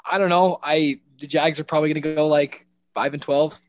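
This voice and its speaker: A man co-hosting a casual football podcast, rambling and animated with frequent restarts. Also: fairly high pitch, fairly quick. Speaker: podcast co-host. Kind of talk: casual sports podcast chat.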